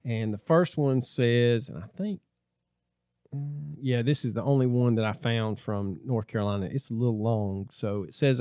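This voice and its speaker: Male podcast co-host, warm mellow tone, dry close mic, reads listener stories with small stumbles. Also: mid-range voice, moderate pace, clear, resonant tone, no echo. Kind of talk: casual podcast chat, reading listener stories aloud.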